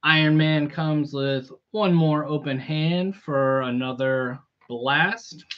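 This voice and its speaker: Slow, relaxed man chatting on a live stream. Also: on the high side, lo-fi sound. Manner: relaxed, chatty, greets viewers by name. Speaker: toy collector live-streaming an unboxing. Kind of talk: casual live-stream chat.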